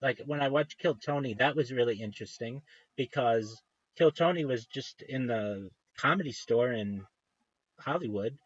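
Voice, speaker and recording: A man's voice: mid-range voice, moderate pace, no room sound, dull audio. A man hosting a livestream in casual rambling chat, meandering and interrupting himself with eager enthusiasm. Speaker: livestream host.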